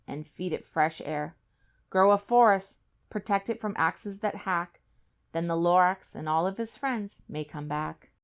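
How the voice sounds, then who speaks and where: A woman's voice: medium pitch, smooth. A woman voicing a greedy, defiant male factory owner from a storybook, boastful in tone. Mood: earnest.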